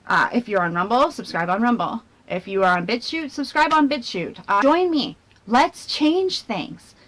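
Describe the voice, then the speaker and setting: Woman vlogger, fairly high voice, rambling, thinks out loud, tangents, self-mocking, laptop camera. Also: slight background noise. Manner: chatty and self-mocking, laughs between phrases. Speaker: vlogger and channel host. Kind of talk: casual talking-to-camera commentary.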